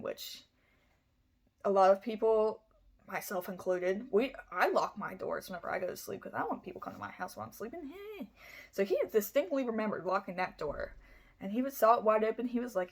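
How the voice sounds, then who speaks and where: A woman's voice: medium pitch, vocal fry. Chatty, foul-mouthed woman telling a crime story. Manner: rambling and chatty, full of "like" and "you know"; blunt, swears freely. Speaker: true crime vlogger. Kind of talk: casual true-crime storytelling.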